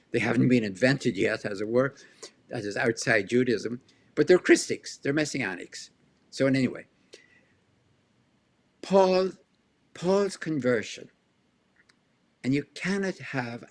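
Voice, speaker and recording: A man speaking as a guest scholar in an interview, explaining at length in an animated way, with rhetorical questions and chuckles along the way. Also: mid-range voice. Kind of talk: interview answer, lecturing.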